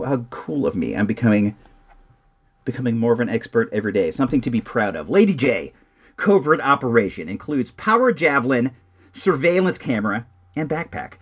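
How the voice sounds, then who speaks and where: A toy collector reviewing action figures chats casually to his camera, relaxed and talkative, sprinkling in plenty of "like" and "dude." His pitch is an ordinary middle range and his speed normal, but excitement sends his voice jumping high and low.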